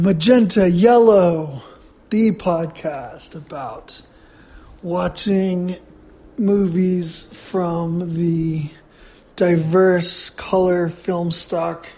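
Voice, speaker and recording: Solo podcast host, casual and profane, rambling and blunt, slow delivery, eats on mic. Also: medium pitch, warm tone. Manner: talks while eating.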